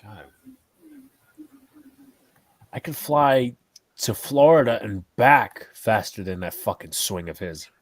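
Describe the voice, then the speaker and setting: A sarcastic, exasperated man rants about a ballgame over a video call. His voice swings widely in pitch as he complains, and he swears freely. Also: animated, unhurried, no room sound. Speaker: live watch-along co-host. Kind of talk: heated casual fan chat. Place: home setup on a video call. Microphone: webcam setup on a video call.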